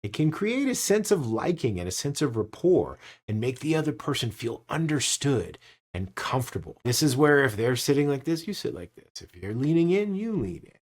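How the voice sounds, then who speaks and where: Animated male sales trainer. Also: mid-range voice, normal speed. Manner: animated, emphatic, demonstrates tones with his voice. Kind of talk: instructional talk to camera.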